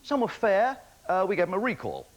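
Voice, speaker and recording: A man hosting a television talent show, joking in lively patter with chuckling asides. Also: high voice, fairly quick. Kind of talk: TV host patter with jokes.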